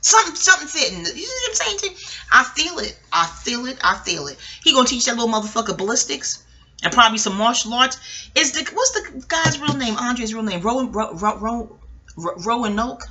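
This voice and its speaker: A woman's voice: fairly high pitch, lively intonation, fairly quick, bright, forceful tone. A middle-aged woman giving a rambling, profane TV recap, talking straight to her viewers and laughing often. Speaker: vlogger.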